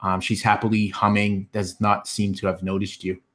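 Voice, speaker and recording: A man narrates a tabletop fantasy game as game master. His voice is on the low side, and he pauses often with ums and uhs. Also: monotone, a bit bright. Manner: halting, many fillers.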